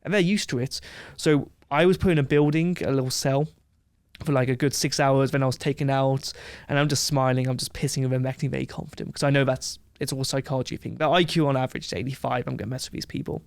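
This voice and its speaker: A man from England, a podcast guest telling a brash, animated story in casual chat. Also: mid-range voice, fast talker, vocal fry, no echo.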